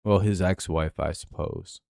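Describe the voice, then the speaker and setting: A man's voice: sits low, fairly even intonation, a little slow, vocal fry, a little mellow, no echo. A man hosting a live stream, giving laid-back, dry play-by-play and chatting with viewers. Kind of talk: casual game-watching commentary.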